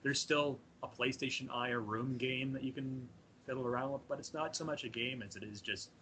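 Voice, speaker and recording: Bright-voiced laid-back man on a podcast. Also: medium pitch, brisk, slight background noise, low-quality recording. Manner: laid-back, filler-heavy. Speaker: podcast panelist. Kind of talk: casual chat. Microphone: video call.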